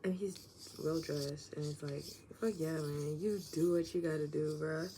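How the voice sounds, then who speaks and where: Woman vlogger, lowish voice, loose rambling chat full of "like", noisy background. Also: steady tone, normal speed. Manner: meandering, heavy use of "like", drifts into soft whispers, laughs often. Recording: clearly audible background noise.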